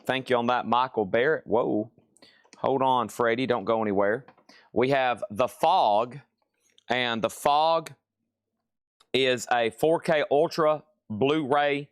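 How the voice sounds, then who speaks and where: Male live-sale host, brisk and chatty, mid-pitched, dry room. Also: clean tone, no echo. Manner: brisk item-and-price listing, chatty asides. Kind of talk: live-stream sales patter. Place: record shop.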